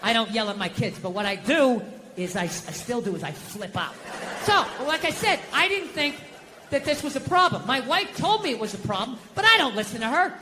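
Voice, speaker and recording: A man's voice: extremely high pitch, big pitch swings, a little fast, in a large hall, background noise. A middle-aged American man doing stand-up comedy, ranting profanely in an exasperated way and acting out quotes.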